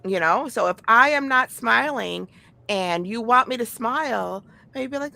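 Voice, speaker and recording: A woman's voice: on the high side, animated, normal speed, gravelly, pushed and bright, dry recording. A middle-aged woman talking candidly in casual chat, blunt and profane, with frequent sighs and restarts.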